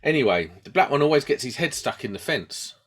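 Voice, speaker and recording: This man's voice is husky, medium in pitch and brisk. Co-hosting a podcast, he spins a casual story with plenty of animation, performing quoted voices and chuckling at his own expense.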